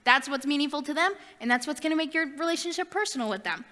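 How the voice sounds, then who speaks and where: A young woman delivering a youth sermon in a high, bright voice. She drifts into chatty, self-deprecating asides. Her words echo with a long reverb, as in a large hall. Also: lively intonation, quick pace. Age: young adult. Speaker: youth ministry speaker.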